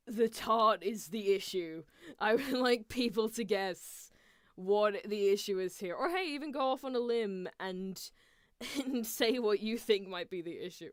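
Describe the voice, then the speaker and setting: A woman's voice: mid-range voice, smooth, dry recording, studio quality. A woman streamer giving casual, giggly watchalong commentary and asking her chat questions.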